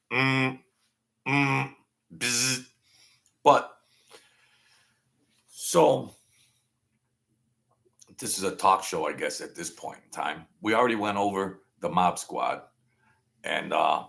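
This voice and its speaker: Slow gravelly man in his sixties. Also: medium pitch, a bit bright. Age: 60s. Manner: chatty, self-mocking, chuckles often. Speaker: channel host. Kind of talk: rambling casual monologue.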